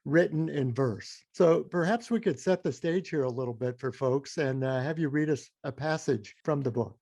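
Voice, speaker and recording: A man's voice: fairly high pitch, moderate pace, a little mellow, no room sound, studio quality. Encouraging male podcast host. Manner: encouraging, brief prompts. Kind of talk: podcast interview.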